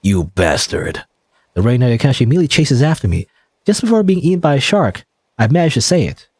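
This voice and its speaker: This one is fairly high-pitched and sing-song, quick, a little mellow with a breathy edge, in a dry recording. He's another man doing laid-back let's-play narration of a visual novel, rambling and leaning heavily on "like" and "you know."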